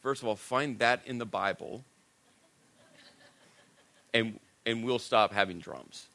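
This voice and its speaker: This middle-aged pastor has a gravelly, mid-range voice and speaks slowly as he preaches. His sermon recounts a personal story in a conversational, self-deprecating style, softening to a hush at the weighty parts.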